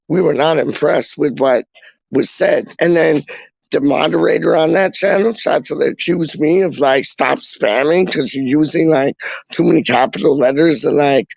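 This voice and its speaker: Young streamer, rambling slangy chatter, voice a touch high. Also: male voice, gravelly, a little mellow, dry recording, rough recording. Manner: slangy, rambling, repeats himself. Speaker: livestreamer reading chat. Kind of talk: casual live-stream chat.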